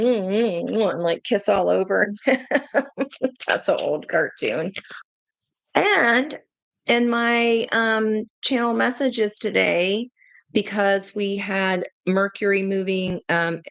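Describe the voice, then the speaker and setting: A woman giving a casual tarot reading to her viewers, chatty and excitable, breaking into gushing exclamations. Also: medium pitch, vocal fry, no room sound. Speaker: tarot reader.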